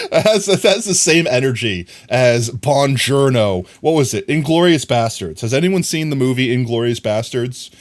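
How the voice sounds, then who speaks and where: A man's voice: mid-range voice, expressive, unhurried. Young man muttering through a live stream. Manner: rambling, jokey, mutters to himself while crafting; teases and scolds chat playfully. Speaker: livestreamer. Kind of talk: casual live-stream chat while gaming.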